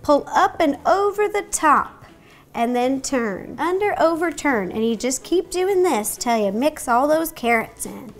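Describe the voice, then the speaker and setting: Bubbly baking show lady, high voice, playful, goofy little noises while she mixes. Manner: bubbly, playful, makes little sound effects. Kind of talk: cheerful baking tutorial.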